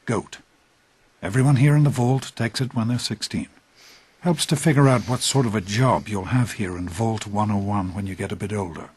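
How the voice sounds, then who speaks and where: An actor playing a calm, earnest middle-aged father who speaks softly and fatherly. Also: lowish voice, moderate pace, slightly rough, no echo. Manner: earnest, fatherly, soft-spoken.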